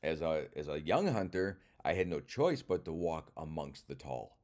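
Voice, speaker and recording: Very deep-voiced older man, wry. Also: very animated, normal speed, a little mellow. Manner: wry, self-mocking, swears freely. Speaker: comedian. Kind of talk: casual rambling monologue.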